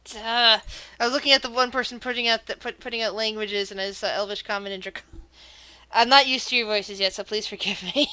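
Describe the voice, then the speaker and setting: A woman's voice: fairly high pitch, fairly even intonation, a little fast, pushed and bright, clear, resonant tone, no room sound. A woman running a tabletop game as game master, narrating scenes and often restarting her sentences.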